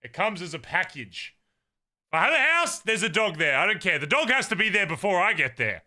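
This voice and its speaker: A man's voice: high voice, brisk, no room sound. A young Australian man with an Australian accent, chatting casually and swearing as he rants playfully to his stream viewers. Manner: animated, swearing, ranting playfully. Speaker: livestreamer.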